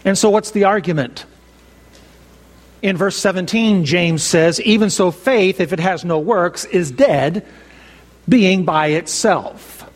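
A man preaching a sermon, measured and emphatic, slowing down to stress key phrases. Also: high voice. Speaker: pastor. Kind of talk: expository sermon. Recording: long reverb of a large hall.

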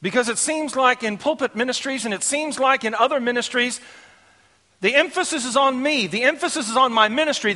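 High, bright-voiced male preacher. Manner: dynamic swings from hushed to emphatic and declaiming. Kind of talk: sermon.

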